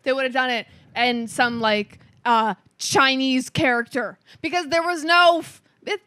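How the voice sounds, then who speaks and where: A woman co-hosts a casual movie review chat with a high, bright voice. She complains bluntly and gets exasperated, pushing her words hard. The sound is close and dry. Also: a little slow, no echo. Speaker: podcast co-host.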